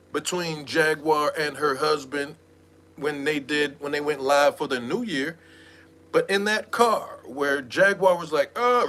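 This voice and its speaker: A man giving animated, mocking gossip commentary in a streetwise, slangy way. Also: fairly high pitch. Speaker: online commentator.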